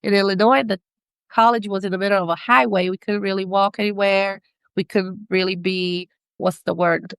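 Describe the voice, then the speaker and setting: In a dry recording, a middle-aged woman with a non-native English accent talks casually as a guest on a podcast interview. Her voice is medium in pitch, clear and resonant, with fairly even intonation and normal speed, and she frequently laughs as she searches for the right words.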